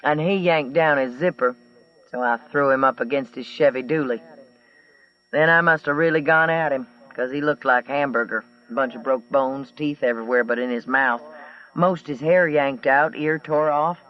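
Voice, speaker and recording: A man's voice: medium pitch, fairly even intonation, normal speed, highs cut off, close to an everyday voice. List: drawling tough woman trucker put on by a male narrator, twangy, profane, blunt, distant mic. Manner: blunt, profane, matter-of-fact.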